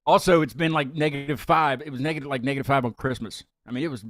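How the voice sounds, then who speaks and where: A man's voice: medium pitch, fairly even intonation, quick pace, fairly bright tone, no echo, clean studio sound. A man hosting a live music talk show, chatting casually and rambling with frequent restarts and fillers. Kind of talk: casual live-stream chat.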